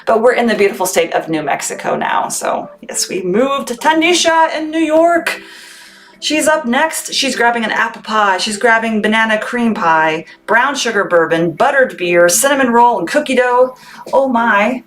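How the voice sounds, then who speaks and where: Selling from her candy shop on a live stream, this Texan veteran chats cheerfully and calls out thanks to viewers by name. Her fairly high voice is expressive and a bit bright, at a normal speed.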